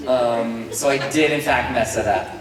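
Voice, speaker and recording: A man's voice: mid-range voice, moderate pace, over a noisy crowd. A man answering fan questions at a convention panel, rambling and self-deprecating with frequent chuckles. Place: large convention hall. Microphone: handheld mic, heard from a distance. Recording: echoey hall from far off, noisy.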